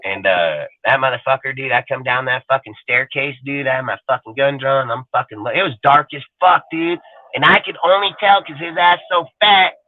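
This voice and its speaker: A man's voice: mid-range voice, normal speed, no echo. Crude, swearing man on a tinny line. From Northern California. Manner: loud, crude, constant swearing. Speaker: podcast co-host. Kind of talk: profane casual storytelling.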